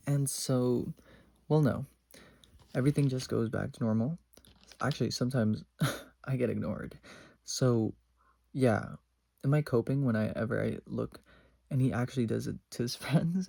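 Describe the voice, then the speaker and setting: Teen boy vlogger, exasperated storytime rant, gravelly and dark tone, dry sound. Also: medium pitch, normal speed, pauses often, no echo. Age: teens. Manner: exasperated, dips into whispers.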